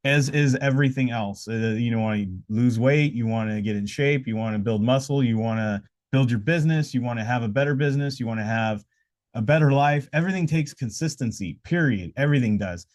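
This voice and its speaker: A man's voice: mid-range voice, brisk, a little mellow. A man hosting a casual live podcast, talking in loose, rambling, motivational stretches with frequent "uh"s and restarts. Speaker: podcast host. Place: indoors during a live podcast, with noise around.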